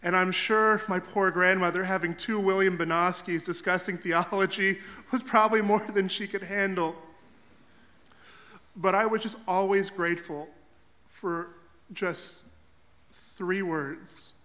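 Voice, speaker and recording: A man's voice: high voice, steady tone, measured pace, bright, forceful tone. A young man, a Catholic priest, giving an earnest, heartfelt eulogy for his grandfather in a church. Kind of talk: funeral eulogy.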